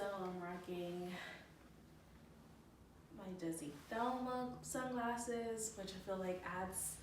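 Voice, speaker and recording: A young woman chats to her camera through her day, rambling easily with plenty of fillers and quick laughs. Her voice sits at an everyday middle pitch, and a faint wash of background noise runs under the recording. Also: low-quality recording. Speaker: vlogger. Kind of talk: casual vlog chat. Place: home, then out in the city.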